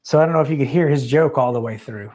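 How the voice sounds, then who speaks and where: A man's voice: mid-range voice, quick pace, a little mellow. A man hosting a live call-in show, loose and rambling, laughing easily with callers. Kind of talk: casual chat.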